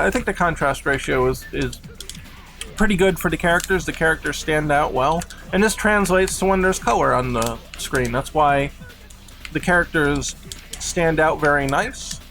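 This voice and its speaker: A man's voice: fairly high pitch, creaky, a bit bright. Chatty man explaining game design. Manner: rambling and explanatory, heavy on "like". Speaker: game developer streaming live. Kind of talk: casual live-stream commentary.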